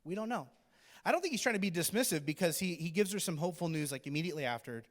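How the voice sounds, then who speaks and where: A man's voice: a little high, expressive, rapid-fire. A male pastor giving a sermon in a conversational, joking storytelling manner.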